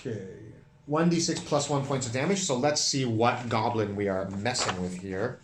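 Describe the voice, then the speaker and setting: A man running and narrating a solo tabletop game, counting dice rolls out loud in an animated way. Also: medium pitch, normal speed, roomy sound, noisy background. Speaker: solo game master and player.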